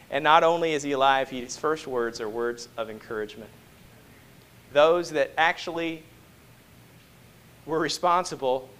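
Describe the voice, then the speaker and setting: A man preaching a sermon to a congregation, moving between hushed, slow passages and loud, emphatic ones and often asking rhetorical questions. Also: on the high side. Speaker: pastor.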